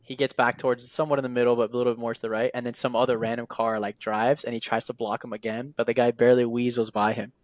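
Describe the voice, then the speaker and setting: A man's voice: mid-range voice, little pitch movement, fast, few pauses, no room sound. Man telling stories in a dry-sounding podcast. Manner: storytelling with many "like" fillers and quoted dialogue. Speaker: series guest. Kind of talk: casual podcast conversation.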